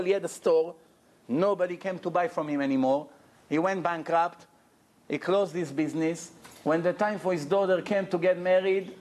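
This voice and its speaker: A man giving a storytelling sermon as a rabbi, animated and asking his audience questions, at a lecture. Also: fairly high pitch. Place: lecture room with audience, indoors.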